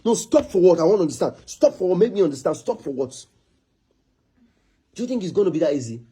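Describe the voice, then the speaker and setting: A young man with a Nigerian accent, angrily scolding and shouting in a Nollywood drama scene. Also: high voice, very animated, fast, husky. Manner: angry, scolding, repetitive. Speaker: actor.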